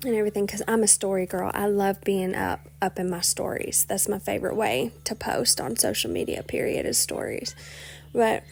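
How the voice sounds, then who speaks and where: Young woman host just chatting away, like like like, mid-pitched, slips into whispery bits. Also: a little mellow, slight background noise. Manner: rambling, chatty, many "like" and "you know" fillers. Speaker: podcast host. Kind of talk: casual solo podcast chat.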